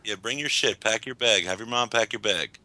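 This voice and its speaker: Male podcast host, lowish, very bright voice, crude joking chat. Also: a little fast, no echo. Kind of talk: casual chat.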